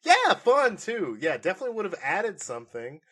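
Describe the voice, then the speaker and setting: A man co-hosting a podcast, chatting casually through a movie review in a rambling, animated way and laughing often. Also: high voice, moderate pace, husky. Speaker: podcast co-host.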